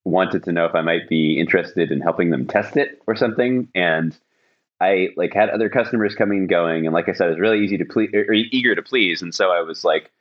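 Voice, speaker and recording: A man's voice: low voice, quick pace, muffled recording. A man hosting a podcast, telling a long anecdote in casual chat, rambling with many fillers and restarts. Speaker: podcast host.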